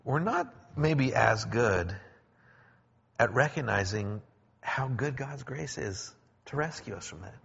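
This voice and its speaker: A man preaching a sermon in a conversational way, explaining with pauses and restarts, in a church. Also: medium pitch, vocal fry, fairly bright tone, husky. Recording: echoey hall, dull lo-fi sound.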